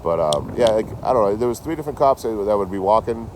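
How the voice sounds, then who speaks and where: A man chatting casually to his livestream chat outdoors, telling stories in an animated, swearing way. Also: on the low side, fast talker, slight background noise, poor audio. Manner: animated, swears a lot, talks to chat by name.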